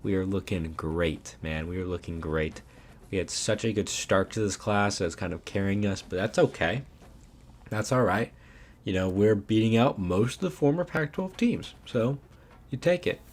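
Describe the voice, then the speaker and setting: A young man giving casual, animated commentary over his own video game footage, ranting and saying "man" often. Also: lowish voice, moderate pace. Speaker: gaming YouTuber.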